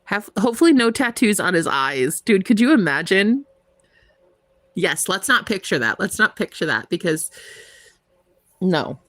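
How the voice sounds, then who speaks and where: A woman's voice: medium pitch, very animated, a little slow, pauses often, fairly bright tone, dry recording. Giggly young woman chatting with viewers. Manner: giggly, rambling, playful, lots of "like". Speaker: tarot reader livestream host. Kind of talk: casual chat with live viewers.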